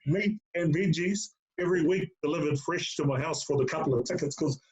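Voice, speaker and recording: A man's voice: on the high side, a little fast. A middle-aged man, a former player as interview guest, telling stories in casual chat, full of fillers and calling the host mate. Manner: storytelling with lots of fillers, calls the host mate. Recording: lo-fi dull sound.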